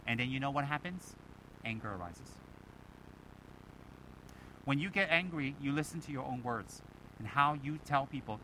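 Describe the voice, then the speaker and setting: A Buddhist teacher giving a dharma talk to students, animated and emphatic, firing rhetorical questions and mimicking other people. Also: male voice, medium pitch, moderate pace, long pauses, a little hiss or hum, low-quality recording.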